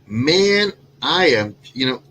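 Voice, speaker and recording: A man's voice: mid-range voice, sing-song, slow pace, fairly bright tone, a little hiss or hum, poor audio. Rambling man hosting a cigar chat. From Cuban. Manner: rambling, self-correcting, lots of fillers. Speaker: cigar show host. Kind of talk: casual chat.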